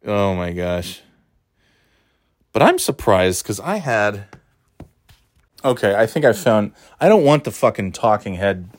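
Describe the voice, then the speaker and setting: A man's voice: lowish voice, very animated, measured pace, long pauses, dry recording. A man hosting casual commentary, sarcastic and rambling, with frequent swearing. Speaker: commentary host.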